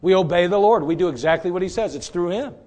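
Male preacher, high voice, animated delivery with rhetorical questions, sermon style. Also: quick pace, muffled recording. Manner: animated, swings from quiet to shouting.

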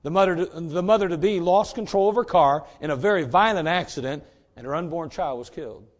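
A man preaching a sermon in a folksy, direct way, swinging between loud emphasis and quiet asides. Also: fairly high pitch, a little fast.

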